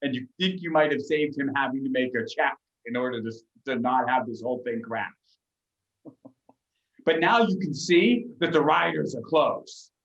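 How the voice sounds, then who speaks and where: A man's voice: mid-range voice, normal speed, lo-fi sound. Man game master in an echoey room. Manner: lively narration with frequent restarts and acted bits. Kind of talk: narrating a tabletop game.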